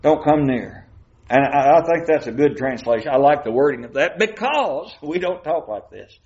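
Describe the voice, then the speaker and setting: Preacher, muffled church recording. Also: male voice, a little high, lively intonation, a little mellow. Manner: reads scripture slowly, asks the congregation questions. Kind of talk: sermon.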